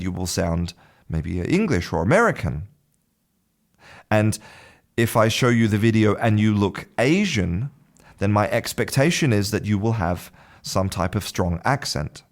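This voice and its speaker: A man hosting an English-learning podcast, explaining a study in a solo talk and often repeating words while finding his phrasing. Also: fairly low pitch. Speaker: podcast host and English teacher.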